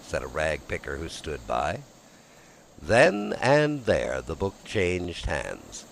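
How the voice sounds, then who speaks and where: A man narrating an audiobook in an expressive, lively storytelling manner. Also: extremely low pitch, slow, creaky, slight background noise, poor audio.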